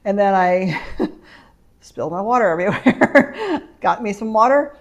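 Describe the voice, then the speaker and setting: Middle-aged woman, rambling home vlogger, mid-pitched, chatty storyteller. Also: lively intonation, measured pace, lo-fi sound. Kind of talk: casual haul vlog chat. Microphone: camera mic.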